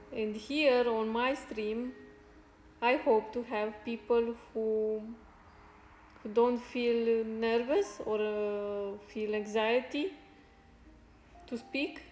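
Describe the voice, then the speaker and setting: A woman hosting a casual live stream, chatting with viewers in a soft-spoken, halting and grateful way. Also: on the high side. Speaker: fitness streamer. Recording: roomy echo with faint music.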